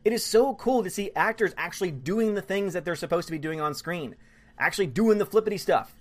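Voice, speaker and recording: A man hosts a casual live stream, reading viewer comments aloud and reacting to each one. He talks fast and excitably and gushes with enthusiasm. His voice sits a little high for a man. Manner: fast-talking, excitable, gushing. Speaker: livestream host reading chat; student and musical theater performer.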